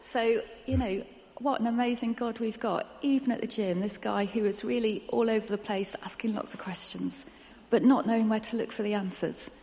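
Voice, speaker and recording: Gravelly woman telling a story in a hall. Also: fairly high pitch, normal speed. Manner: lively storyteller who acts out quoted dialogue. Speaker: church member sharing a testimony. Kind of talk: personal story told to a live audience. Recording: long hall reverb.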